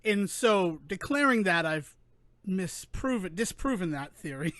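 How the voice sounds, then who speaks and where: A man co-hosting a podcast, chatting casually in an animated, rambling way that keeps interrupting itself. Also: high voice, a little slow, no echo. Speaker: podcast co-host. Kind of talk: casual chat.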